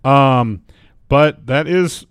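A man's voice: medium pitch, extremely slow, clean tone, no echo. A man co-hosting a podcast, chatting casually and reading news aloud while joking and restarting his sentences. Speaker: podcast co-host.

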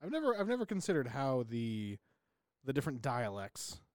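A man's voice: mid-range voice, huge pitch swings, moderate pace, no room sound, clean studio sound. A young man co-hosting a podcast in casual chat, rambling and joking with lots of fillers and restarts. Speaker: podcast co-host.

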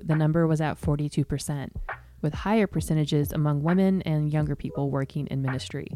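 A woman's voice: sits low, warm tone. A young woman hosting a podcast, chatting casually in an upbeat way and reading scripted narration. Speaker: podcast host.

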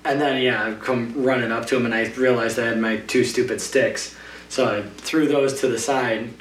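A man's voice: medium pitch, fairly even intonation, moderate pace. A man casually telling a long trail race story in a podcast interview, rambling with lots of fillers. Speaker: trail runner guest. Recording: roomy, distant mic with faint hum.

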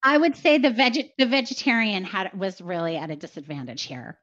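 A woman's voice: mid-range voice, a little fast, a bit bright, highs cut off. A woman chatting on a podcast as a guest, easygoing and laughing as she argues her side. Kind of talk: casual chat.

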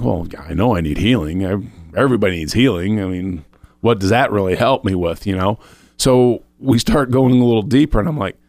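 A faith-show co-host, fairly low-pitched and a little mellow, earnestly relates a personal spiritual experience in an easygoing conversation. He keeps restarting and repeats his inner thoughts out loud; there's no echo on the recording.

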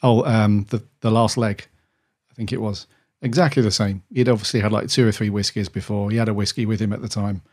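Podcast co-host, man, lowish voice, loose rambling chat with restarts. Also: fairly even intonation, fairly quick, darkish tone. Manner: rambling, with frequent restarts and enthusiastic asides. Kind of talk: casual chat.

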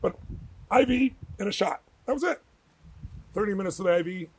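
A middle-aged man with a husky, slightly raised voice pours out stories at a rapid clip. He talks with emphatic energy and slips into the voices of the people he quotes. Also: high voice, a little mellow. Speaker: guest, author and speaker. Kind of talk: animated interview storytelling.

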